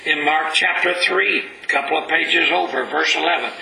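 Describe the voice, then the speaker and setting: A man preaching a sermon in a church, slow and emphatic, reading scripture aloud and rising in pitch for emphasis. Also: creaky, sharp tone, reverberant, rough recording.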